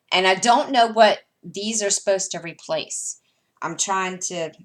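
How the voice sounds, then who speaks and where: Chatty Southern American woman crafter. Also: on the low side. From United States. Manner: rambling, chatty, often trailing off with fillers. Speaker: cross-stitch vlogger. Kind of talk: casual chat while sorting floss.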